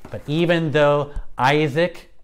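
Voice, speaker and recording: A man teaching a Bible story in a casual, conversational way, retelling scenes with lively storytelling. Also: on the high side, slow, smooth.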